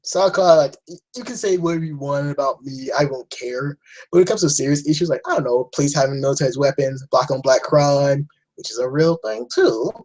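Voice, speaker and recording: A young man talks straight to camera in a loose, rambling rant, blunt and full of swearing and false starts. His voice is husky and sits somewhat high. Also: a little fast, darkish tone, low-quality recording. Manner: rambling, blunt, swears often, frequent restarts. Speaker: vlogger. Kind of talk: casual opinion rant.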